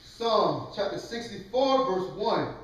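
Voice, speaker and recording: A man reading scripture aloud, loud and slow, stumbling over some words. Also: high voice, very animated. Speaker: scripture reader. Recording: echoey room, mic far off.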